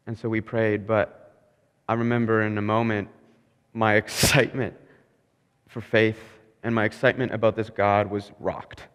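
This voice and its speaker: A man's voice: on the low side, steady tone, normal speed, fairly bright tone, smooth, muffled recording. A young man preaching a sermon, telling a personal story in a candid, self-mocking way and laughing at himself as he goes. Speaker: pastor. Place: church sanctuary. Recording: long hall reverb.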